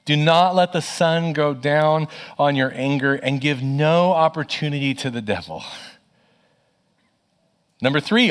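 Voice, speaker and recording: A middle-aged pastor with a slightly high voice preaches in an earnest, conversational manner. He shares personal stories and repeats phrases for emphasis.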